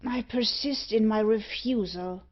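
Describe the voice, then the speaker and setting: A woman reading the part of a troubled, defiant gentleman who speaks earnestly and firmly. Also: a little high, measured pace, dull audio.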